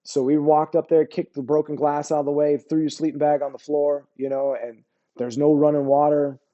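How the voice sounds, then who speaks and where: With a slightly high, mellow voice held at a level tone and normal speed, a middle-aged U.S. army veteran recounts war stories in a casual interview. He keeps it laid-back and slangy, leaning on "bro" and "you know what I mean." The highs are cut off.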